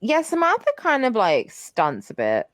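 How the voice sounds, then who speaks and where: A woman's voice: on the high side, wildly swooping pitch, a little slow, a little hiss or hum. A young woman co-hosting a podcast in casual chat, rambling with lots of fillers and casual swearing. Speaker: podcast co-host.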